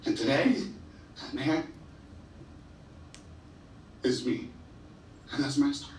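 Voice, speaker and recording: A medium-pitched, animated man with a slightly mellow tone speaks slowly, leaving long pauses, as he gives an earnest motivational speech to students at a school assembly. He tells emotional stories and sometimes stumbles and repeats himself when moved. The sound is echoey and distant, from a large school hall or gym, with a little hiss or hum.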